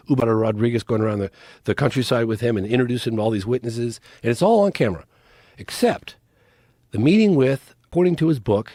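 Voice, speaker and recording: A man's voice: mid-range voice, warm tone, no room sound, studio quality. A man, a documentary filmmaker, talking as a podcast guest in an earnest, urgent way and pressing his case. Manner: earnest, urgent, pleading appeals. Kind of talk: casual interview talk.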